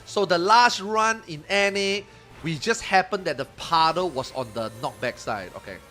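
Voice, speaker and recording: Excitable swearing man streaming a game. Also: sits high, normal speed, faint music behind. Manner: excitable, swears freely, repeats words. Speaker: streamer playing an online game. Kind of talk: casual gaming stream chat.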